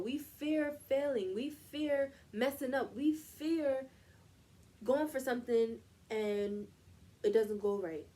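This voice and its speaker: A young adult woman hosting a motivational talk, leading listeners through affirmations with repetitive, preacherly emphasis. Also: medium pitch. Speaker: host.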